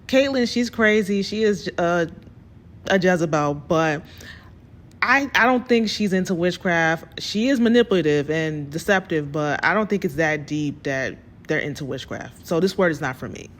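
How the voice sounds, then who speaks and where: A woman hosting her own show, telling a personal story in an animated way and calling her listeners y'all. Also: on the low side, normal speed.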